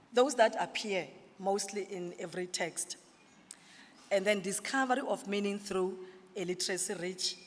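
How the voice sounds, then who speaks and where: A woman presenting a literacy workshop to teachers, explaining step by step and sounding out letters and syllables. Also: mid-range voice. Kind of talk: workshop presentation with audience questions. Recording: reverberant hall.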